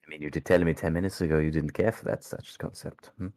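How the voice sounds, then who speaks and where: A man's voice: very deep voice, steady tone, fast, a little mellow, no echo. A man voicing sly investigator Cascus. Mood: accusing. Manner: coaxing, probing questions. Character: probing male investigator named Cascus, sly.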